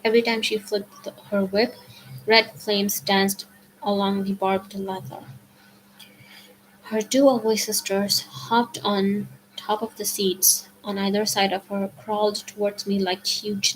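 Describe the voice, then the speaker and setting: A woman reading a novel aloud as a storyteller, steady, with some passages dropped to a whisper. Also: medium pitch, a little hiss or hum, rough recording. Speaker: audiobook reader.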